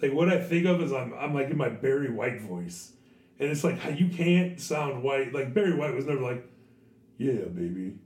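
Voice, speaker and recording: A hoarse man with a craggy, sore throat hosts a podcast, swearing and telling stories in a casual chat. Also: mid-range voice, moderate pace. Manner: animated, swearing, storytelling. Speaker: podcast host and teacher. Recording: echoey room, distant mic.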